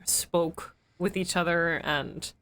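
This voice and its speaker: A woman's voice: fairly low pitch, steady tone, slow pace, fairly bright tone. Rambling, reflective woman streamer. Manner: rambling and reflective, many fillers and restarts. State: emotional and weepy. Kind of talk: live-stream gameplay commentary.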